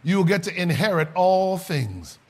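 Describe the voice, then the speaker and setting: A man preaching a sermon, rising to shouts and then dropping low and soft. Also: big pitch swings, moderate pace.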